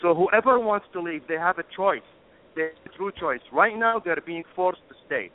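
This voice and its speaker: High-pitched guy on a call-in show, fired up and emphatic, tinny phone sound. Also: expressive, moderate pace. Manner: impassioned, emphatic, apologizes for getting emotional. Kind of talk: heated call-in radio discussion.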